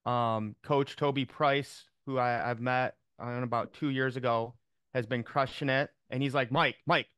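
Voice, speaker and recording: An upbeat man talking on a video call, rambling along with plenty of fillers. His voice is smooth and clear. The sound is dry and close. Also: medium pitch, fairly even intonation, moderate pace, a bit bright, no room sound. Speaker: team member on a call. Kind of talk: casual chat on a video call.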